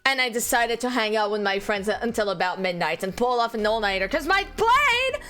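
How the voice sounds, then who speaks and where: A woman's voice: a little high, big pitch swings, moderate pace, bright, forceful tone, soft background music. A young woman streamer chatting casually with her viewers, sleep-deprived, laughing often and squealing when she thanks them. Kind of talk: casual live-stream chat.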